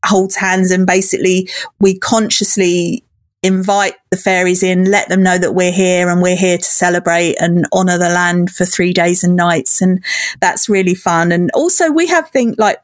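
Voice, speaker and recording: A woman's voice: on the low side, fairly even intonation, moderate pace, no room sound, clean studio sound. A woman talking in a casual interview, bubbly and enthusiastic, often breaking into giggles. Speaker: podcast guest, festival organizer.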